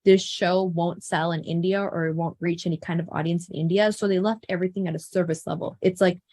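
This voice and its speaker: A woman's voice: on the low side, fairly even intonation, a little fast, a little mellow, no echo. A woman co-hosting a casual film review chat, speaking earnestly and searching for words with many fillers.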